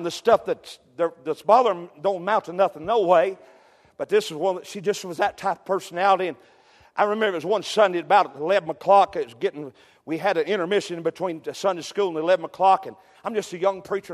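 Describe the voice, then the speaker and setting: A man preaching a sermon as pastor, telling folksy stories and dropping amens, sometimes breaking into shouts. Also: high-pitched, long reverb tail. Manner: folksy storytelling, peppered with amen, rising to shouts. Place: church sanctuary.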